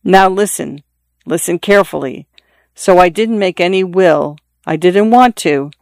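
Reader doing a dying middle-aged father, insistent and confiding, smooth tone, dry close sound. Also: mid-range voice, measured pace, no echo. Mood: urgent. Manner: confiding, insistent, repeating himself. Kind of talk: audiobook reading.

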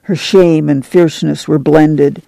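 A man narrating a novel as an audiobook, in a measured, unhurried way. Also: fairly high pitch, steady tone, gravelly, dark tone, no room sound. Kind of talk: scripted narration.

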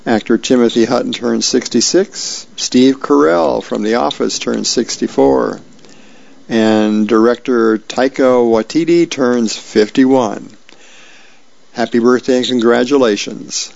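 A man reading the comics and birthday list aloud for a reading service, folksy and unhurried with small slips and asides. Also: mid-range voice, vocal fry, a little mellow. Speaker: volunteer newspaper reader. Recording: dull lo-fi radio recording.

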